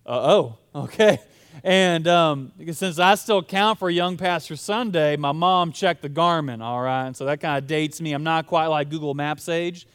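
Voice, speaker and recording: A man's voice: on the high side, smooth. A young man preaching a sermon in a casual, storytelling way. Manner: casual, storytelling, conversational with fillers. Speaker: pastor.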